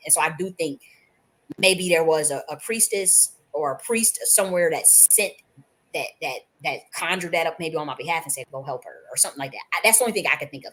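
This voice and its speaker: A woman's voice: on the low side, fairly bright tone. A woman host talking off the cuff to her viewers, emphatic and profane, rambling with many restarts. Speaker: channel host. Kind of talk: unscripted spiritual monologue.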